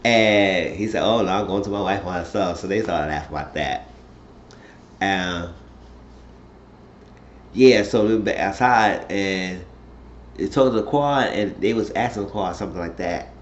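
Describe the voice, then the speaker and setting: A man's voice: deep voice, a little slow, long pauses, a little hiss or hum. A man casually recapping a reality TV episode, rambling through the story in loose, slangy talk. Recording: roomy, dull lo-fi sound.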